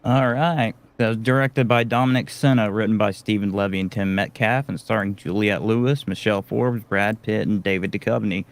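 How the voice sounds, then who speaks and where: A man's voice: on the low side, fairly even intonation, moderate pace, few pauses. A man co-hosting a horror film podcast, summarizing a film in a plain, matter-of-fact way. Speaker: podcast co-host. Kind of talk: casual film review chat.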